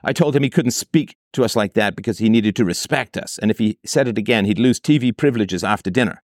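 Quick-paced and fairly low-pitched, this host reads a listener's letter from a parent and then argues against it. His style is combative, full of rhetorical questions and mocking takes on the voices he quotes. The studio sound is clean, with no echo.

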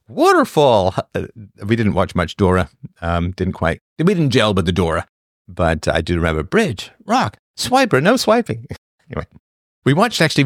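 A man's voice: deep voice, dry recording, studio quality. A middle-aged man hosting a casual livestream, chatting, laughing and giving blunt advice to viewers. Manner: chatty and blunt, laughs often, drifts off topic. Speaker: livestream host answering viewer questions. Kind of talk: casual chat.

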